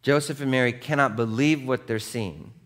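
A man's voice: mid-range voice, moderate pace, fairly bright tone. A male pastor preaching a sermon in a conversational way, often checking in with the congregation and acting out scripture scenes. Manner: conversational, checks in with "right?" and "okay?"; acts out scripture scenes with voiced quotes.

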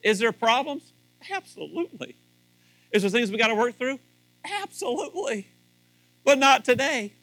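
A man's voice: very high-pitched, animated, normal speed, long pauses, fairly bright tone, no echo, soft background music, low-quality recording. A man speaking to a live audience about marriage in a joking, folksy way, rambling with restarts. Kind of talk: humorous sermon to a live audience.

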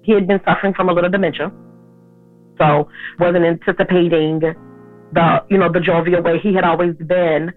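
A woman in her thirties, an interview guest telling a personal story in an animated way, acting out the people in it. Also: fairly low pitch, moderate pace, faint music behind. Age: 30s. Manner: animated, acts out others' lines in her story. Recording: tinny phone-like sound.

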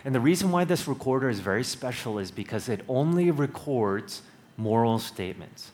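A man, the pastor, preaching a sermon in a measured way with slow, emphatic stresses. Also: mid-range voice, animated, darkish tone.

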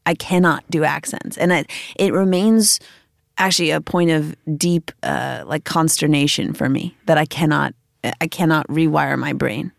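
Low, gravelly Midwestern woman. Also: normal speed, no room sound, studio quality. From Chicago, US. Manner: rambling, thinks aloud in loose winding sentences. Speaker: musician guest. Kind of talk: casual interview talk.

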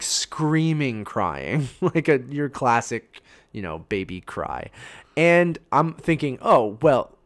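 Guy on a podcast ranting about a movie night, pitch all over the place, swears a lot. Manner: animated, swears and acts out his own reactions. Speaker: podcast co-host. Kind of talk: casual storytelling chat.

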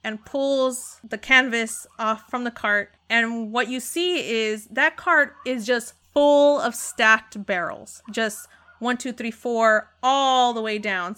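Upbeat woman dungeon master, bright and slightly high, narrating and explaining rules. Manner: upbeat, quick, laughs often. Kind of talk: narrating and explaining a tabletop game.

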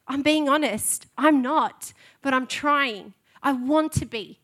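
Woman pastor with a high voice and a sincere, heartfelt delivery for a church testimony. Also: takes it slowly, fairly bright tone. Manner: earnest, heartfelt. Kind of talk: testimony sermon. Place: church stage.

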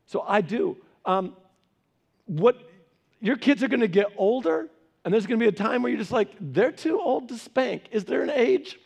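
A man's voice: sits high, normal speed, gravelly. A middle-aged man, a pastor, giving a conversational sermon, telling family stories and acting out the voices in them. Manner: animated storyteller who acts out quoted voices. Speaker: pastor teaching a Bible study.

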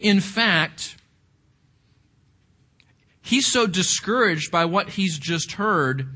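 Slow, bright-voiced male Bible study leader. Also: high voice, lively intonation. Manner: reflective, asks the group questions, repeats words. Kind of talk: interactive Bible study teaching.

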